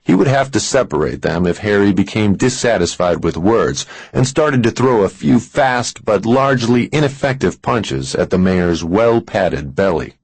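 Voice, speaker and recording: A man reading a thriller audiobook in a measured, expressive storytelling manner. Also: on the low side, breathy edge, no echo. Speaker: audiobook narrator. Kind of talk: scripted thriller narration.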